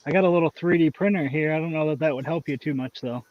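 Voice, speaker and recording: A man joining a live chat as a guest creator, talking in a relaxed, matter-of-fact way. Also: a little high, quick pace. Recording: dull dry remote audio.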